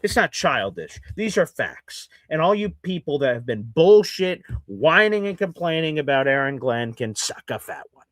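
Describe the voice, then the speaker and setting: Sarcastic, ranting sports host, man, high-pitched, dry booth sound. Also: big pitch swings, normal speed, fairly bright tone, no room sound. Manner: ranting and sarcastic, mocking fans in put-on voices. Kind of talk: live sports reaction talk.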